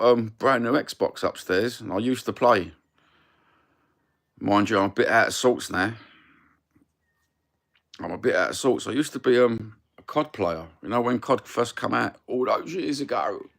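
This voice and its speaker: A man's voice: lowish voice, animated, moderate pace, gravelly. A middle-aged man with a Cockney accent, rambling cheekily and swearing freely while chatting on a live stream. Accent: Cockney London. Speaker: livestream host. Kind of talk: casual live-stream chat.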